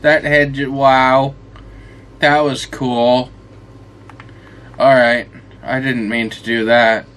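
A drowsy man commenting on a video game in a loose, rambling way, swearing freely and chatting at the characters on screen. His delivery is slow and dragging, as though he needs a nap. His voice sits at an ordinary middle pitch for a man. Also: fairly even intonation, fairly bright tone. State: tired and yawning. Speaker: gameplay commentator. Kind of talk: casual let's-play commentary.

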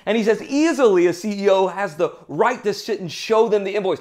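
A man's voice: high-pitched, a little fast, few pauses, darkish tone. A man hosting a podcast who gives an earnest, emphatic motivational talk and tells anecdotes. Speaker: podcast host.

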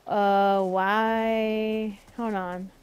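A woman's voice: mid-range voice, level tone, drawn-out words, clean tone, poor audio. A woman streamer giving chatty, reactive let's-play commentary and swearing casually as she plays. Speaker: gameplay streamer.

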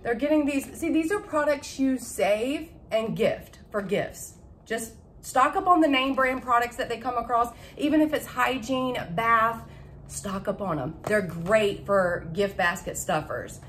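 A young woman chatting casually to camera about her shopping haul, excitable and laughing at her own slips. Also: a little high, measured pace, a little hiss or hum. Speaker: vlogger showing a shopping haul. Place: at home.

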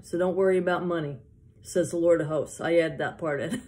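A woman giving an informal sermon, earnest and gently encouraging, halting with many fillers and restarts as she prays and reads scripture. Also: lowish voice, fairly even intonation. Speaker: prophetic ministry teacher.

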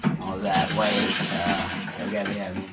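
A man giving live gameplay commentary, excitable and chatty as he reacts aloud to each kill. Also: deep voice, unhurried. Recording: roomy with loud game music.

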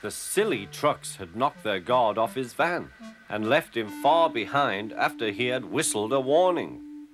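A man narrating a children's cartoon in an expressive storytelling manner. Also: medium pitch, a little slow. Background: music.

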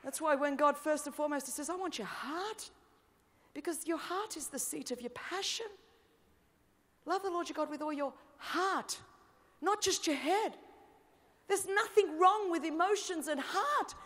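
Australian woman preacher, high voice, animated storyteller who builds to shouting. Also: normal speed, a faint crowd. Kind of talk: sermon.

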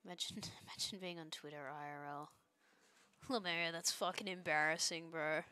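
A woman's voice: low-pitched, steady tone, moderate pace, pushed and bright, smooth, no echo. A young woman chatting casually as a streamer while she draws pixel art, joking around and trailing off into restarts.

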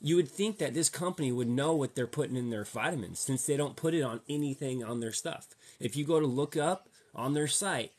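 A young man with a husky, slightly breathy voice rants to his viewers in a loose, slangy way. He keeps firing rhetorical questions at them and repeats himself for emphasis. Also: medium pitch, brisk, few pauses, a little mellow. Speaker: vlogger. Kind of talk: casual rant to viewers.

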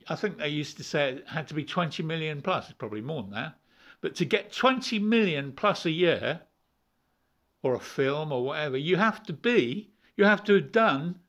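A man's voice: high-pitched, a bit bright. A man preaching an informal, rambling sermon, repeating words and chuckling as he goes.

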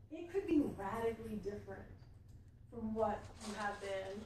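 A woman coach talks earnestly and casually to a small group, her high voice full of fillers and friendly asides. The recording is very echoey and taken from far off, with a faint hum underneath. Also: lively intonation, normal speed. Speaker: life coach and speaker. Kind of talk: motivational talk to a small audience. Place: library event room.

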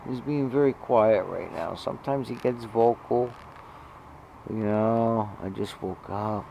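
A man's voice: fairly low pitch, measured pace, gravelly, dark tone, slight background noise. A man filming his cats at home, chatting casually and cooing doting baby talk at his pets between rambling asides. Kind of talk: casual home video chat.

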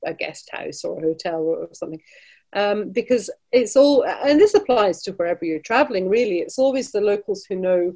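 A woman's voice: medium pitch, expressive, fairly quick, mellow. Scottish woman chatting about travel, friendly, restarts a lot, laughs here and there. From Scotland. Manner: chatty, restarts often, laughs between points. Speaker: travel business director, guest. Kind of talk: casual interview chat.

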